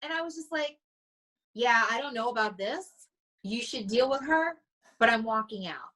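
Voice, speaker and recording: A woman's voice: fairly high pitch, expressive, normal speed, bright, forceful tone, poor audio. A woman mindset coach, a podcast guest, telling stories animatedly and acting out the dialogue she quotes. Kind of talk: casual podcast conversation.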